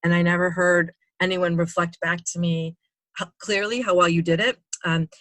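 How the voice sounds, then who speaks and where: A woman's voice: fairly low pitch, fairly even intonation, moderate pace, fairly bright tone, dry recording. Woman podcast host, kinda emotional, lots of restarts, dry sound. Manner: earnest, emotional, rambling with restarts. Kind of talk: casual interview.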